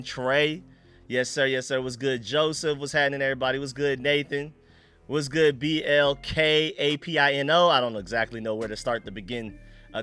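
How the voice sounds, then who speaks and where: A man hosting a casual sports fan live stream, excitable and slangy, greeting chat viewers by name. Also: mid-range voice, smooth.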